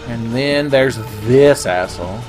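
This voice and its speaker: A man's voice: medium pitch, takes it slowly, over music. A man giving casual, sarcastic commentary over his own gameplay, swearing often and cracking jokes. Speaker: gaming video host.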